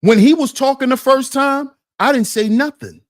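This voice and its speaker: A man's voice: very high voice, normal speed. A man hosting a reaction stream, indignantly picking apart a debate clip and firing rhetorical questions at his chat. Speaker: commentary channel host.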